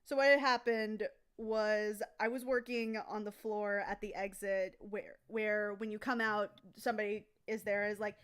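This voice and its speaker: A woman's voice: medium pitch, flat delivery, normal speed, few pauses, a bit bright, smooth. A woman casually telling a rambling, profane anecdote on a live stream. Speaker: comic artist streaming.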